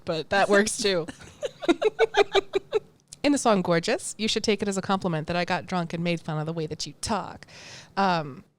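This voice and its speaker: A woman's voice: mid-range voice, clean tone. A young American woman co-hosting a podcast, chatting casually and laughing often. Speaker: podcast co-host. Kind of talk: casual chat.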